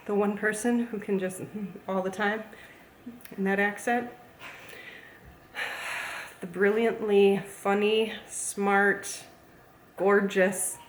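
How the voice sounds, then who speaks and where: A woman's voice: medium pitch, level tone, slow, long pauses, slight background noise. A woman chatting casually as a plant YouTuber, gushing and playful. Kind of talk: casual vlog chat. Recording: echoey room, faint ambience.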